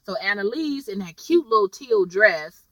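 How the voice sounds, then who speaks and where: A woman's voice: medium pitch, expressive, normal speed, fairly bright tone, no echo, recorded from a distance, rough recording. A young woman chatting casually as she recaps a TV episode, slangy and storytelling. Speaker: TV episode reviewer.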